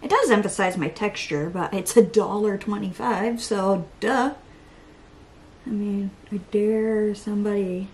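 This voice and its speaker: In a medium-pitched, slightly mellow voice, a young woman talks her way through a makeup tutorial at an unhurried pace. This beauty vlogger is self-deprecating, mutters to herself and now and then whispers, and the recording quality is rough.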